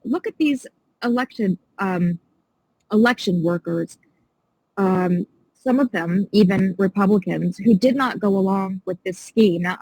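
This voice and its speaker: A woman's voice: mid-range voice, darkish tone, slightly rough, dry recording, low-quality recording. A woman guest on a podcast, talking in a passionate, indignant and emphatic way in a casual interview.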